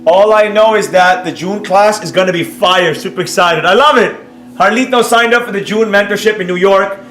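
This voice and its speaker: A man streaming live as a trading educator, reading viewer comments and talking straight to the audience in a brash, boastful way that jumps loud when he gets excited. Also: high-pitched, fairly quick. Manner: animated, bursts up loudly when excited. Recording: roomy sound with faint music behind.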